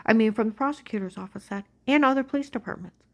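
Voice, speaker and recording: A woman giving an agitated personal monologue, ranting and swinging between loud outbursts and hushed whispers. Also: a little high, quick pace.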